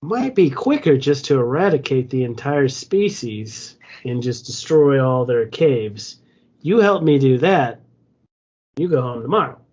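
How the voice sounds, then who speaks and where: A man's voice: medium pitch, very animated, a little slow, darkish tone. A man voicing a menacing, scheming male adventurer who taunts and sneers in a tabletop game. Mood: sneering. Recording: dull lo-fi recording.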